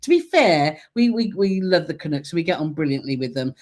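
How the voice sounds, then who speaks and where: Chatty lady reading comments on a live stream, bit of a low voice. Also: lively intonation, a little fast, a little mellow. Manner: chatty, bubbly, laughs often. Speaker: co-host of a live travel stream. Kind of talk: casual live chat reading viewer comments.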